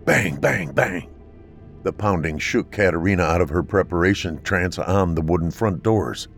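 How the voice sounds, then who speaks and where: A man steadily narrating a scripted horror story in a measured storytelling voice. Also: low-pitched, faint music behind.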